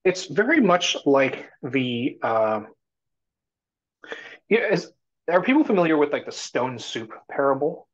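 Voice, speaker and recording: A man's voice: on the high side, very animated, unhurried, pauses often. A man talking as a startup CEO guest in a casual live talk, rambling and full of fillers and restarts. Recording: muffled lo-fi audio.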